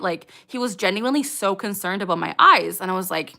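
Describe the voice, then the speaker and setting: Bright-voiced young woman chatting on a livestream. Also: medium pitch, normal speed, vocal fry. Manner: chatty, giggly, many fillers; reads chat questions aloud and answers. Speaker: livestream host. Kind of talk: casual livestream chat.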